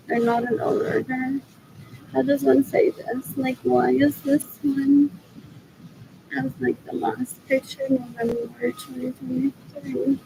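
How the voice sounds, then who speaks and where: A woman vlogs to camera in a rambling, unscripted, distracted monologue, drifting and halting, trailing off mid-sentence and muttering the same phrase again and again. Her high voice is creaky and warm, with slight background noise and poor audio.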